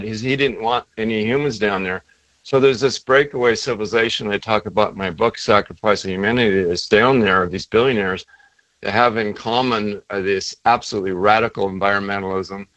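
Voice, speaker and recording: A man speaking as a guest author in a casual interview, halting, with many fillers and restarts. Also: fairly low pitch, fairly bright tone, dry recording, poor audio.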